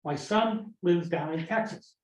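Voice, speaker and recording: At a town meeting's public comment period, a man in his fifties speaks bluntly and with scorn, his voice on the high side and his pace unhurried. The recording sounds dull and lo-fi, in an echoey room.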